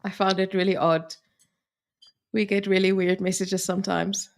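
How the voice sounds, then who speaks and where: A woman's voice: medium pitch, little pitch movement, moderate pace, creaky. A woman with an Afrikaans accent from South Africa, co-hosting a casual chat and telling stories with lots of laughs and quoted asides. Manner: giggly storytelling with quoted asides. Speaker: co-host.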